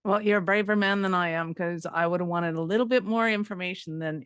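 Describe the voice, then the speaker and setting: A man hosting a podcast, asking questions in a relaxed and upbeat way. His voice is smooth and clear, with a dry, close sound. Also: high voice, brisk, no echo. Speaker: podcast host. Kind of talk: casual interview.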